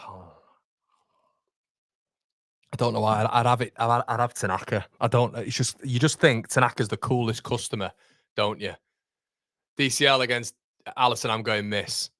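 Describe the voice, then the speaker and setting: A young man reacting live to a football match for his fan channel, swinging from groans to excited shouts. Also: mid-range voice, dry recording, clean studio sound.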